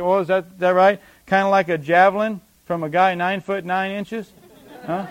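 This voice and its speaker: A man's voice: high voice, normal speed, no echo. A man preaching a sermon, reading scripture aloud and speaking with rising intensity.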